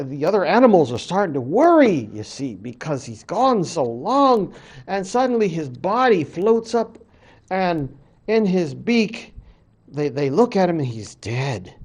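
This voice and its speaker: A man, a college professor, casually retelling a creation story in a lecture, animated and full of fillers. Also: fairly high pitch, slightly rough.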